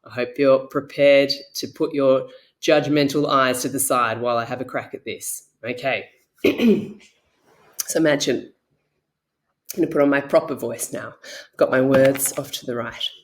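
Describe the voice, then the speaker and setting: A woman's voice: rumbling low, steady tone, unhurried, pauses often. A woman presenting an educational video for primary school children in a playful, chatty way.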